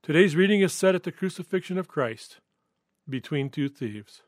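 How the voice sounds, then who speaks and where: A man preaching a devotional sermon with scripture reading, in an earnest, reflective and measured way. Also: a little high, expressive, no echo, clean studio sound. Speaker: pastor.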